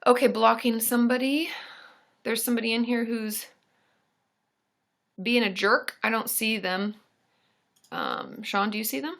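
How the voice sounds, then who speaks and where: A woman's voice: a little high, big pitch swings, measured pace, creaky, pauses often, a bit bright. A woman therapist hosting a live stream, giving supportive advice in a chatty, casual way and joking with her partner. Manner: chatty, supportive, casual filler-heavy talk; laughs and jokes with her partner. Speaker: licensed therapist and channel host.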